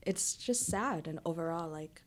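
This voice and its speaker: Female guest, very low pitch, soft and earnest, faint background noise. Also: normal speed. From Vietnamese family. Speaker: podcast guest. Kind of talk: casual chat.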